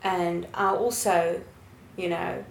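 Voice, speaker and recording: Slow, gravelly-voiced woman sharing. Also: on the low side, little pitch movement, a little hiss or hum. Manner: leans on fillers, repeats "you know". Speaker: participant in a church study group. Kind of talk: casual group sharing. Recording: echoey room.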